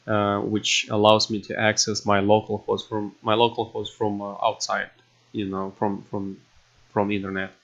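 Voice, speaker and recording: Low-voiced man explaining code, halting. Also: fairly bright tone. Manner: halting, with many fillers and restarts. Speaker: coding tutorial host. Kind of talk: casual screen-recorded coding tutorial. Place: at a computer indoors. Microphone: desktop microphone. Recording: dull lo-fi desk mic.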